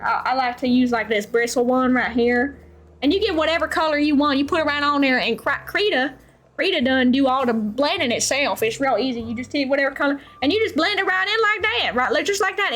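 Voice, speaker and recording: A woman's voice: high voice, a bit bright. A woman voicing a folksy, drawling painter with a put-on Southern U.S. accent, dropping words as she shows off brushes.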